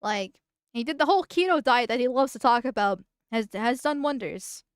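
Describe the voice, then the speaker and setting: A woman's voice: a little high, lively intonation, moderate pace, clear, resonant tone, dry recording, studio quality. A woman streamer chatting casually on a live stream while reacting to a video, rambling, giggling and swearing freely. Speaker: VTuber streamer.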